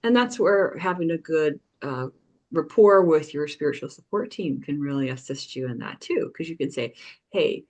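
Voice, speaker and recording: Lowish-voiced woman hosting a podcast, easygoing, just explaining stuff. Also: expressive, normal speed, a little mellow. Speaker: podcast host and medium. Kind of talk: casual podcast chat.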